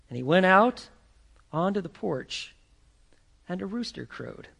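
A pastor preaching in a high, gravelly voice. He talks conversationally and animatedly, slipping into voices to act out his scenes. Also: animated, a little slow, pauses often, sharp tone. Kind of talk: sermon.

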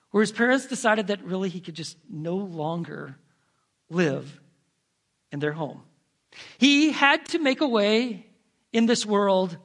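A male preacher telling a story from the pulpit with a fairly high voice that leaps all over its range. He swings between hushed, drawn-out phrases and sudden emphatic bursts. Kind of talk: storytelling sermon.

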